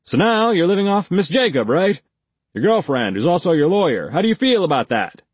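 A male audiobook narrator voicing a pushy police interrogator who badgers with rapid-fire leading questions. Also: high-pitched, big pitch swings, slightly rough, no room sound, pitched above the performer's own voice, full character voice. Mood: badgering. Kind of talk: audiobook character voice.

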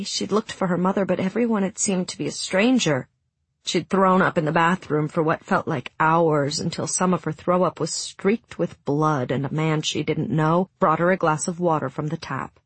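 A woman narrating a story in a hushed, emotive reading that sinks to near whispers, with a breathy voice. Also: on the low side, no echo. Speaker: audiobook narrator. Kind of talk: scripted narration.

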